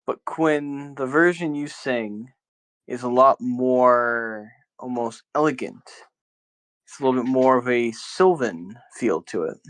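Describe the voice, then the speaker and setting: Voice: medium pitch, slow pace, a bit bright, poor audio. A game master narrating a tabletop game in a casual way, with loose phrasing and lots of fillers.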